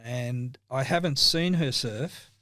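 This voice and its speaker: A man's voice: mid-range voice, slow, bright, forceful tone, no room sound, clean studio sound. An older Australian man, a podcast guest in casual chat, telling rambling anecdotes and laughing often.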